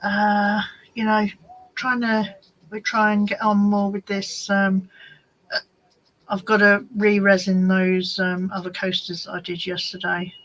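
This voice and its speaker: Woman, live-stream chat, rambling and chatty, unhurried pace. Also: mid-range voice, monotone, fairly bright tone, low-quality recording. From United Kingdom. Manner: rambling, chatty, talks to commenters by name. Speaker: craft channel host. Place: at home.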